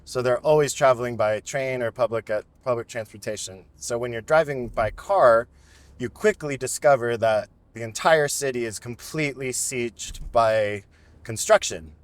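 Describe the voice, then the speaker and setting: A man's voice: medium pitch, normal speed, dry recording. A man in a car chatting on a podcast, his voice sitting in an ordinary middle register. He tells stories in a casual, rambling way and throws himself into the voices of the people in them. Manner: animated storyteller, acts out quoted voices loudly. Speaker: podcast co-host. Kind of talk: casual storytelling chat. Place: inside a moving car.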